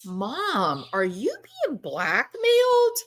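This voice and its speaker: A woman's voice: sits high, sing-song, unhurried, sharp tone, heavily acted. A woman mimicking a bewildered grown son who stammers incredulous questions at his mother.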